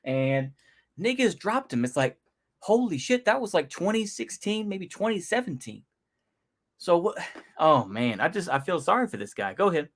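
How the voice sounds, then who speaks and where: A man's voice: high voice, big pitch swings, normal speed, fairly bright tone. A man giving casual reaction commentary, rambling and slangy, with frequent sighs and chuckles. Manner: slangy, sighing, laughing to himself. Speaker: YouTube commentator.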